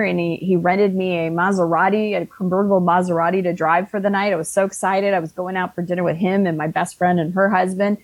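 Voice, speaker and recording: A woman in her fifties, an author and life coach, telling a personal story in an earnest, conversational way with frequent restarts. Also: fairly low pitch.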